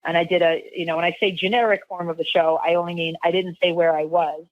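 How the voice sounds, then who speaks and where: A woman's voice: lowish voice, flat delivery, quick pace, no echo, phone-quality sound. A woman who hosts a radio show, chatting as a podcast guest in a rambling way, with lots of fillers and restarts. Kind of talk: casual interview storytelling.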